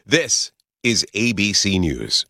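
A man reads radio news headlines in a crisp, measured anchor style. His lowish voice carries a bright, forceful edge. The studio sound is dry and close. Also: sing-song, no room sound. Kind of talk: radio newscast.

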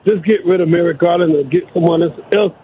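A man's voice: high voice, fast, slightly rough. A man calling in to a radio show, speaking insistently with stammered restarts. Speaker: caller. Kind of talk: phone-in call. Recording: tinny phone line.

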